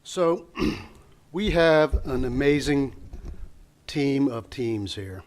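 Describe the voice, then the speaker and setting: A man's voice: mid-range voice, animated, extremely slow, darkish tone. A man introducing the next segment at a graduation ceremony, hesitant and full of restarts.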